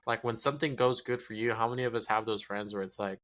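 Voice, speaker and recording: Man, podcast co-host, rapid, swearing freely, acts out quotes. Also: on the low side. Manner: profane, animated storytelling with acted-out quotes. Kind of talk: casual chat.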